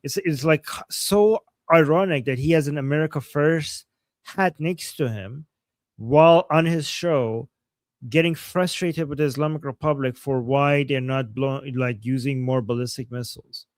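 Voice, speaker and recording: A man's voice: mid-range voice, moderate pace, no echo. A man co-hosting a casual political livestream, chatting with many fillers and restarts and reading out viewer chat messages. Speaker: livestream co-host.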